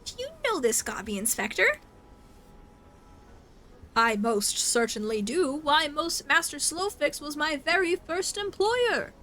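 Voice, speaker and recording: A woman voicing a pompous, theatrical gentleman inspector with grand, old-fashioned phrasing. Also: sits high, animated, a little slow, a little hiss or hum, exaggerated voice. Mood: grandiose.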